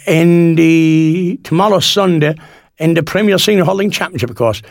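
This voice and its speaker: Gravelly Cork man on local radio. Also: on the high side, no echo, studio quality. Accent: Cork Irish. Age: 60s. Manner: rambling and folksy, with many fillers and restarts. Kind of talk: chatty local radio presenting.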